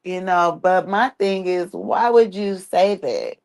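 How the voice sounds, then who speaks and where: A woman's voice: fairly low pitch, takes it slowly, a little mellow. A woman giving casual livestream commentary in a blunt, exasperated way, swearing freely as she talks. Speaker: streamer commenting on an online family.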